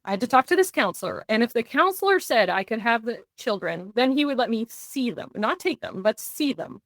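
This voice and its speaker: A woman's voice: on the high side, big pitch swings, fairly quick, dry recording. Woman telling a personal story, dry sound. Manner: earnest, tells events in vivid runs with quoted dialogue. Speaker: guest. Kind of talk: personal story in a podcast interview.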